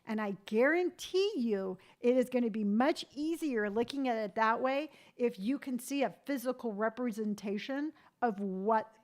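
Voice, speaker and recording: Earnest, fairly high-voiced woman giving a pep talk. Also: moderate pace, hardly any pauses. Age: 50s. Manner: earnest, animated, mimics other people's remarks; tough-love pep talk. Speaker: livestream host. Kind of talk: motivational livestream chat.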